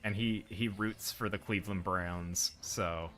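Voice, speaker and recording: Deep-voiced man chatting over gameplay. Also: steady tone, a little slow, fairly bright tone, soft background music. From United States. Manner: rambling, joking to chat. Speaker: streamer. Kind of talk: casual gameplay chat.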